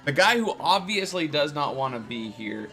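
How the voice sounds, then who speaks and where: Brief: lively, bright-voiced male game master. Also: a little high, normal speed, soft background music. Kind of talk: narrating a tabletop game.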